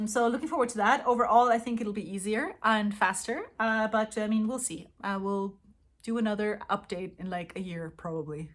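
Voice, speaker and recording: A young woman with a mixed British and Canadian English accent chats casually as a language-learning vlogger, rambling and wandering off on tangents. Her voice is mid-range and she talks at normal speed.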